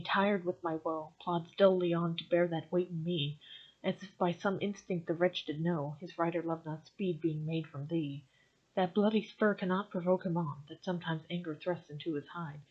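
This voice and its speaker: A woman's voice: lowish voice, fairly even intonation, normal speed, slightly rough. A young woman reading old sonnets aloud and then commenting on them in a wry, self-mocking, casual way. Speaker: vlogger. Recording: dull lo-fi home recording.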